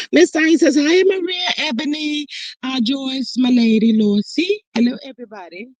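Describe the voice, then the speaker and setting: A woman hosting a casual live stream, greeting viewers and reading out their comments in an animated, slangy way. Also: sits high, slow pace. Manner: chatty, animated, Southern-style slang.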